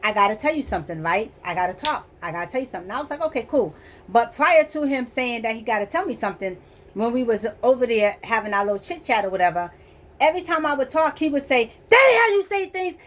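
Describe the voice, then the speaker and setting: Animated woman telling a wild dating story. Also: on the high side, a little hiss or hum. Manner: animated, laughs often, acts out quoted voices. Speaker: vlogger telling a personal story. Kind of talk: casual storytelling.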